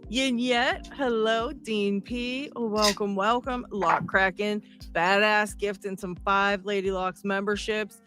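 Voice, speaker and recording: A woman's voice: mid-range voice, fairly even intonation, takes it slowly, few pauses, fairly bright tone, soft background music. A woman hosting a live stream, chatting casually, greeting viewers by name and laughing often. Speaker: livestream host. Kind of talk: casual livestream chat.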